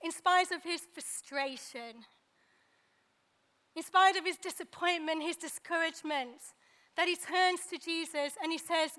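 A woman preaching a sermon, pausing for effect and acting out the lines she quotes. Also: very high-pitched, sharp tone. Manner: dramatic pauses, acts out quoted dialogue.

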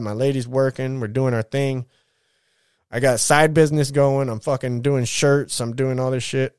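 In a clean, dry studio recording, a man in his thirties with a medium-pitched, clean voice tells his life story. His monologue is casual and rambling, blunt, and packed with swearing and slang.

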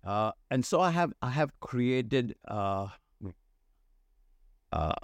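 Slow, earnest man speaking in a dry room. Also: medium pitch, expressive, no room sound. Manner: slow, earnest, repeats phrases for emphasis. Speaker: church leadership consultant, guest. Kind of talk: podcast interview.

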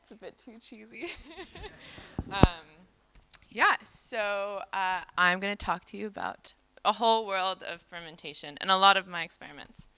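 A woman's voice: mid-range voice, animated, unhurried, sharp tone, slight background noise. An American woman from New York City giving a live seminar lecture on fermentation, casual and chatty with lots of "um" and "like". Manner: casual, chatty, many fillers like "um" and "like". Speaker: fermentation educator and speaker.

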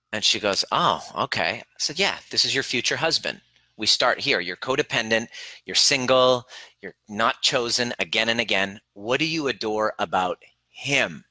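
A man's voice: on the low side, lively intonation, moderate pace, pushed and bright, no echo, rough recording. A man working as a relationship coach who speaks earnestly and emphatically, retelling a client session in quoted dialogue and addressing the listener directly. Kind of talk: coaching talk to camera.

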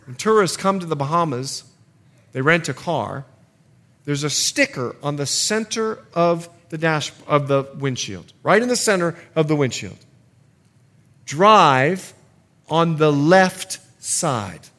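Lively, high-voiced preacher man. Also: normal speed. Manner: animated preaching with acted-out asides. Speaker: pastor. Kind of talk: sermon.

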